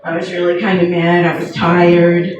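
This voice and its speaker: A woman in her fifties doing a stand-up comedy set, telling stories in a wry, deadpan way with pauses before the punchlines. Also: lowish voice, highs cut off, a crowd in the background. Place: comedy venue. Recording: echoey room heard from far off, with noise.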